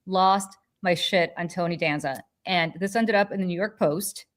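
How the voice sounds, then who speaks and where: Animated storytelling woman, low voice. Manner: animated, profane, quick restarts. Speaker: podcast host. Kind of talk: casual chat, storytelling.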